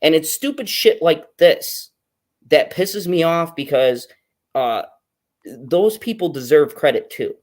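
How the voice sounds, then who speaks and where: Woman guest commentator, heated swearing rant, unhurried. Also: low voice, expressive, a little mellow. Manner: heated, swearing, laughing often. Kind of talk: profane ranting commentary.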